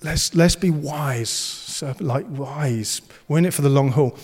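A man's voice: fairly high pitch, a little slow, a little mellow, husky. Earnest male preacher, hall reverb. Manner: earnest and encouraging, with playful banter. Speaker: pastor. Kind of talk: sermon.

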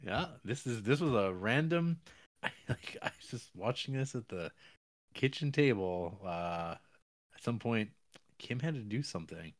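A man's voice: fairly low pitch, animated, measured pace, dry recording, studio quality. A man chatting casually on a podcast, easygoing and laughing often. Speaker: podcast co-host. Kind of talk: casual chat.

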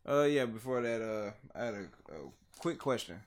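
A young man co-hosting a podcast, trading relaxed, profane banter. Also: medium pitch, moderate pace. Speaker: podcast co-host. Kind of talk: casual podcast chat.

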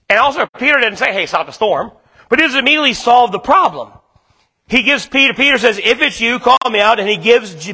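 A man's voice: sits high, bright, forceful tone, long reverb tail. A male pastor preaching a sermon in a casual, conversational way, acting out little asides.

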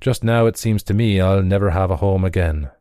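Man playing a stubborn young horseman, low dark voice, dry read. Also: fairly quick, smooth, no echo, close to an everyday voice. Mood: earnest. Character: proud struggling young Irish horseman.

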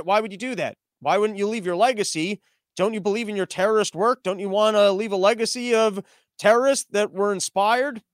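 High-voiced sarcastic ranting man. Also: smooth, no room sound, clean studio sound. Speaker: comedy show host. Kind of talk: comedic political monologue.

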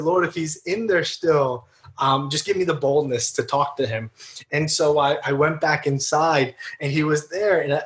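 A man's voice: on the high side, fairly bright tone. Earnest chatty man telling stories. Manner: earnest, chatty, with frequent fillers and restarts. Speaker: guest. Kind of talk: casual storytelling interview.

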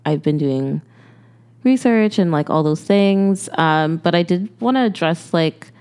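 A woman's voice: lowish voice, animated, a little mellow, clear, resonant tone. A woman, co-hosting a podcast in a casual, earnest way with lots of "like" fillers. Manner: earnest, halting, many "like" fillers. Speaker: podcast co-host.

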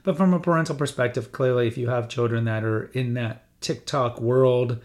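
Man, middle-aged, podcast host, rambling solo commentary, restarts and fillers, medium pitch. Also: steady tone, moderate pace. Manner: briefly mimics his father's voice and accent.

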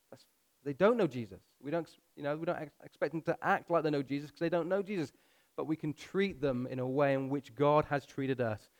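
A pastor preaching a sermon, pushing his voice up for emphasis and slowing down to read scripture. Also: a little high, darkish tone.

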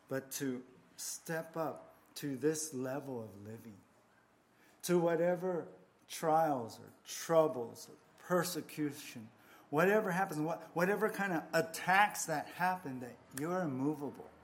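A man preaching a sermon, earnest and repetitive, swelling on key phrases and trailing softly at the ends, with stammered restarts. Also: mid-range voice. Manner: frequent restarts and stammered repeats. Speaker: pastor.

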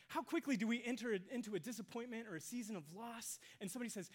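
A pastor preaching a sermon to a congregation, swinging between loud emphasis and hushed near-whispers and asking rhetorical questions. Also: mid-range voice, fast talker, few pauses. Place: church sanctuary with congregation.

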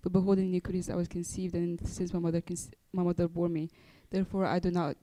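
A reader reciting penitential prayers in a quick, monotone way, with small stumbles. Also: medium pitch, no room sound, low-quality recording.

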